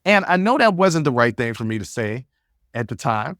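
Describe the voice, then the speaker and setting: A man's voice: medium pitch, sing-song, moderate pace, fairly bright tone, no echo, studio quality. A man hosting a podcast, telling stories in a blunt, casual way and often repeating words as he thinks. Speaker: podcast host. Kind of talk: casual storytelling monologue.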